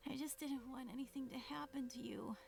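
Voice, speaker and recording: A dying, gentle young sibling in a game cutscene, saying a soft and halting farewell. The voice sits high with a gravelly fry at the edges. Words come slowly, with long pauses between them. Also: female voice, exaggerated voice. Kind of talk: video game cutscene voice acting.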